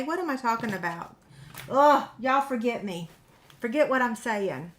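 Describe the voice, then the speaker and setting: A chatty woman walks viewers through a paper-craft project at an easy, slow pace. She laughs off her own slip-ups and talks straight to her audience. A runny nose gives her voice a slightly stuffy edge. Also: a little high, lively intonation. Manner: chatty and self-deprecating, talks to viewers while working. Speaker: paper-craft video host. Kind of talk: casual crafting tutorial chat.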